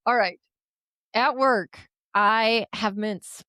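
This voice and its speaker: A woman's voice: on the high side, extremely slow, bright, forceful tone, dry recording. A woman co-hosting a podcast, telling a story in casual chat, acting out the dialogue, swearing and laughing often. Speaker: podcast co-host.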